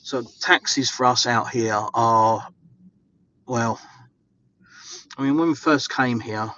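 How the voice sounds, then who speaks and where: A man's voice: mid-range voice, slow pace, sharp tone, muffled recording, a little hiss or hum. Chatty Englishman rambling outdoors. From England. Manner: chatty, rambling, with many fillers. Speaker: vlogger. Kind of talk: casual walking vlog. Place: outdoors in the snow.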